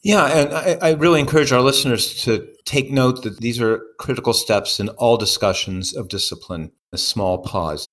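A middle-aged man, a pediatrician, calmly explaining child behavior on a parenting podcast. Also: medium pitch, normal speed, few pauses. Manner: explanatory, steady, builds on co-host's points. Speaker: pediatrician co-host. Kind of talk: podcast parenting advice chat.

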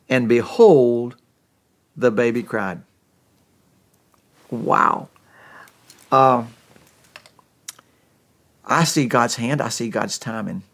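A middle-aged pastor with a mid-range, fairly bright voice preaches a sermon. He tells stories in a folksy manner and restarts his sentences often.

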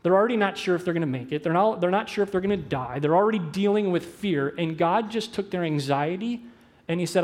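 A man preaching a sermon as pastor, animated, moving between loud emphasis and hushed, slow phrases. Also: sits high. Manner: quick asides mixed with slow, drawn-out phrases.

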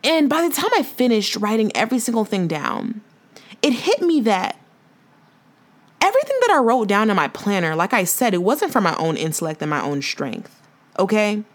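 A woman's voice: medium pitch, big pitch swings, moderate pace. A young woman talks straight to her listeners in a podcast monologue. She is earnest and emotional, often leaning hard on repeated phrases, and mixes casual slang into her preaching. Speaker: podcast host. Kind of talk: faith-based podcast monologue.

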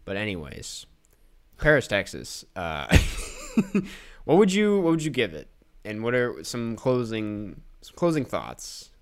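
Lively-voiced casual male podcast host. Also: mid-range voice, slow pace. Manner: chatty, laughs often, many fillers. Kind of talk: casual chat.

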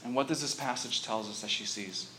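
A man preaching an interactive sermon as a youth pastor, telling the story in an animated way and quizzing his listeners. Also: medium pitch, brisk, slight background noise.

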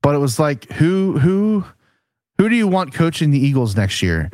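A man's voice: a little high, big pitch swings, moderate pace, a little mellow, no room sound, clean studio sound. A man co-hosting a casual sports podcast, rambling and restarting his sentences as he asks questions. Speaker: podcast co-host. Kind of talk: profane casual sports chat.

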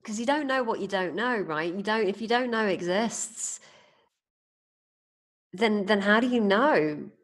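A woman's voice: medium pitch, animated, unhurried, pauses often. A woman hosting a podcast, telling stories in an amused, thoughtful way in a casual conversation. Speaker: podcast host.

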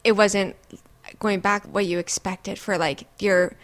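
A young woman co-hosting a podcast, speaking gently and reflectively and asking probing questions. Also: mid-range voice, fairly even intonation, measured pace. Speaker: podcast co-host. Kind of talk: casual chat.

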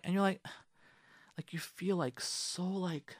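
A man with a high, lively voice hosts a radio advice show, talking straight to his listeners about marriage. He hammers points by saying them twice and keeps asking rhetorical questions. The recording is dry and close. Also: normal speed, no echo. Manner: emphatic, repeats lines for effect, rhetorical questions; addresses listeners directly, coaxing. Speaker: radio show host giving relationship advice.

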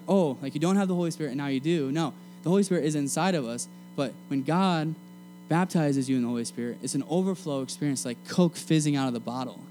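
A young man preaching a sermon to a room of students in a casual, energetic, slangy way. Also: fairly high pitch. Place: meeting room.

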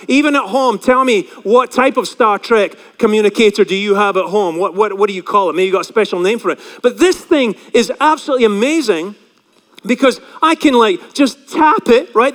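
A man's voice: extremely high pitch, fairly bright tone, in a large hall. A male pastor preaching a chatty sermon, often asking the congregation questions.

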